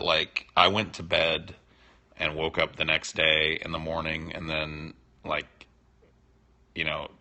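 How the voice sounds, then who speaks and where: A man's voice: rumbling low, gravelly, bright, forceful tone. A man hosting a livestream, answering chat questions in a rambling, teasing, profane way. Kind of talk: casual unscripted chat.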